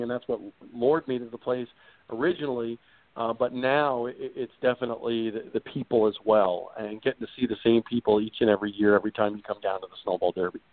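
A middle-aged man, a motorsports broadcaster, answering interview questions in an eager, rambling way with many restarts. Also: medium pitch. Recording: tinny phone-like audio.

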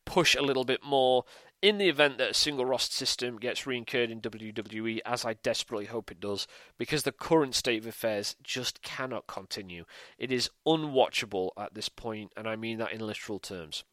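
A man's voice: medium pitch, fairly quick, a bit bright, dry recording. A man hosting a solo podcast, talking animatedly with rhetorical questions and frequent ums and restarts. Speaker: show host.

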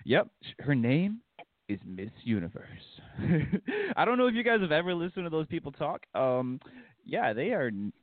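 A man's voice: a little high, sing-song, normal speed, no room sound. A man co-hosting a casual podcast from Canada, joking and swearing, laughing as he reads out headlines. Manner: profane, joking, laughs while reading. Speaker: podcast co-host. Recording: phone-like dry sound.

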